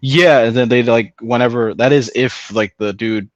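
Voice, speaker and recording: A man's voice: mid-range voice, moderate pace, no echo, dull audio. A man chatting casually on a stream, rambling, swearing a lot and laughing often. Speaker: stream host. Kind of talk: casual chat.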